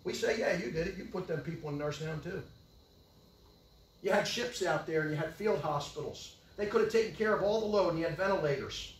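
Older guy preaching fired up, high voice, yells then mutters, echoey church from far off. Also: a little fast, slight background noise. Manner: impassioned, swings from yelling to low mutters. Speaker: pastor. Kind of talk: sermon. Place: church hall.

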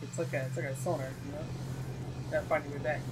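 High-voiced man chatting over a game. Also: fast talker, music in the background. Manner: swears freely, tells animated anecdotes. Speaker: co-player in a let's play. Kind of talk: casual gaming chat. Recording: noisy game audio behind.

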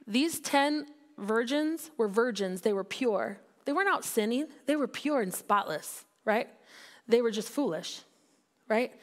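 A woman pastor preaching a sermon in a candid, conversational way, building to emphatic peaks. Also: fairly high pitch. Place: church sanctuary.

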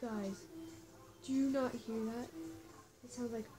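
A woman's voice: a little high, steady tone, slow. A woman giving casual, nervous commentary while playing a game, talking straight to her viewers. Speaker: gaming vlogger. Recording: music playing under the voice.

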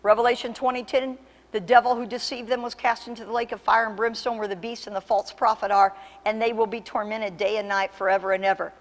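A woman pastor preaching a sermon with impassioned, emphatic delivery that surges to loud peaks. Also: fairly high pitch, level tone, quick pace, long reverb tail. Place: church sanctuary.

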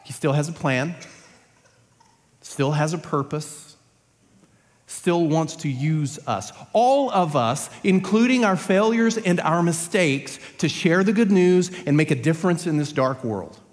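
A man's voice: fairly high pitch, measured pace. A man preaching a Sunday sermon in a church, earnest and building to emphatic peaks. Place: church sanctuary. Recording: long church hall reverb.

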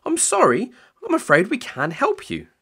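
A man reading aloud, voicing an eager, apologetic young male shop assistant in a high, flustered voice. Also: wildly swooping pitch, moderate pace, gravelly, pushed and bright, breathy edge, full character voice.

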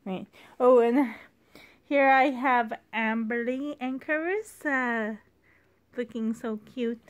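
A woman's voice: fairly high pitch, slow pace. A woman vlogging casually about her doll collection, rambling, gushing and apologizing as she goes. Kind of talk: casual show-and-tell vlog.

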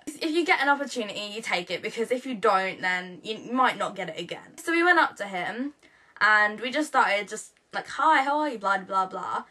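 A woman's voice: on the high side, bright, forceful tone. A teenage girl, rambling through a casual vlog story with many fillers and quoted dialogue. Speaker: vlogger.

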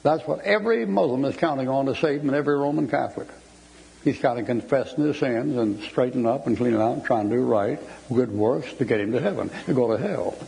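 An older Southern preacher with a gravelly, mellow voice teaches a Bible study. He talks in a folksy way and leans hard on the verses he quotes. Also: mid-range voice, fairly quick, rough recording. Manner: folksy Southern preaching, quoting scripture with emphasis. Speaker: Baptist preacher.

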